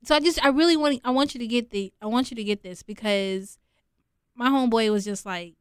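An earnest woman guest on a talk show, explaining her practice in a casual, repetitive way and acting out little quotes. Her voice is smooth and clear. The sound is dry and close. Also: a little high, normal speed, fairly bright tone, no echo. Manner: earnest, repeats herself, acts out quotes.

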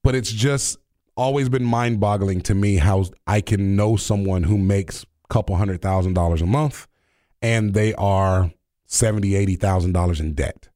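A man's voice: lowish voice, normal speed, dark tone, no echo, clean studio sound. A young man hosting a radio talk show in casual, playful chat, laughing often and joking about himself. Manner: playful, laughs often, jokey self-mocking asides.

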